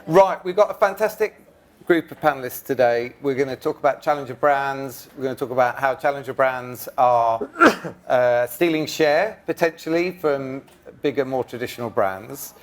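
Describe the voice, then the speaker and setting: Chatty man chairing a panel. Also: mid-range voice. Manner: jokey, chatty, brisk introductions. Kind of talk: live conference panel hosting. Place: conference stage before an audience.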